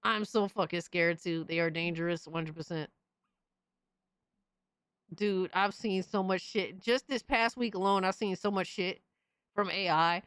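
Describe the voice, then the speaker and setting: A woman hosting a live stream, reading chat messages aloud and reacting in an excitable, profane, casual way. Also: lowish voice, measured pace, pauses often, clear, resonant tone, no echo, clean studio sound. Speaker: livestream host reading chat.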